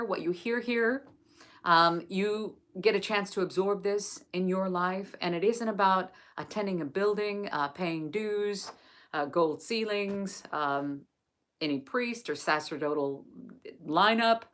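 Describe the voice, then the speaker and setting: A woman from England reading a sacred text aloud and then chatting gently and effusively with viewers on a live stream. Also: mid-range voice. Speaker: host of a live book study.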